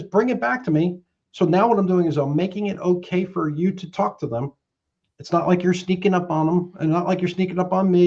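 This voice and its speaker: Middle-aged male mortgage pro, lively sales-coach delivery on a muffled line. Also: high voice, gravelly. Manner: emphatic storyteller, acts out both sides of phone calls. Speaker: guest, mortgage professional. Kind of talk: animated sales coaching talk.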